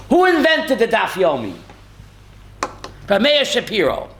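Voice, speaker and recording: His pitch sits high and swoops wildly, though his pace stays measured and his tone is a touch bright. The speaker is a rabbi giving a Torah class who quizzes people by name, tells heartfelt stories, and drops in Yiddish and Hebrew words.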